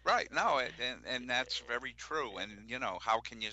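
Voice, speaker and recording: A man's voice: mid-range voice, animated, normal speed, pushed and bright, highs cut off. A man co-hosting a casual chat, agreeable and full of "you know" fillers. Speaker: podcast co-host.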